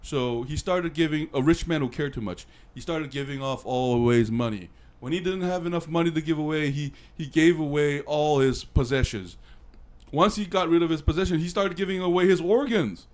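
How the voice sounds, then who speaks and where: A man co-hosting a casual review chat, excitable and rambling, teasing his co-host and swearing. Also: a little high, moderate pace. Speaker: podcast co-host and film reviewer.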